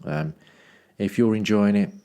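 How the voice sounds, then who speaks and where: A man's voice: lowish voice, a little slow, dark tone, smooth. A man from Dudley reading his travel journal aloud as a podcast host, with wry self-mocking asides and rambling ums and restarts. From Dudley, England.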